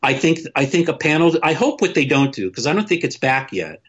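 Blunt, husky-voiced man ranting casually. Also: fairly high pitch, very animated, a little fast, fairly bright tone, dull audio. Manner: opinionated, blunt, swears freely, many restarts. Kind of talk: casual podcast discussion.

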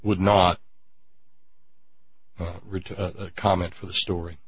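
Husky, low-pitched male commentator, indignant monologue, dry and dull lo-fi sound. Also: level tone, dry recording. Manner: indignant, drawn-out emphatic pauses. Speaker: radio commentator. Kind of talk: impassioned political monologue.

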